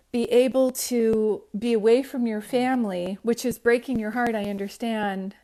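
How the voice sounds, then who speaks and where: A woman speaks casually into her phone on a live stream, giving psychic readings to viewers. Her voice sits a little high, and her talk is affectionate and rambling, with many restarts and pet names like sweetie pie and sunshine. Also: a little slow, darkish tone.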